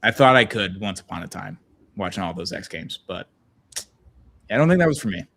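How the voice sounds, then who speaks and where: A man's voice: low voice, expressive, a little fast, vocal fry, a bit bright, slight background noise. A man hosting a podcast watch-along, chatting casually and rambling as he reads out viewer comments. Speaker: podcast host.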